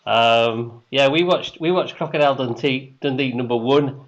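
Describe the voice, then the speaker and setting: A man's voice: mid-range voice, normal speed. A man hosting a weekly online quiz in casual chat, hesitant and full of ums, switching between English and German. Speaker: quiz host. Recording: dull lo-fi stream audio.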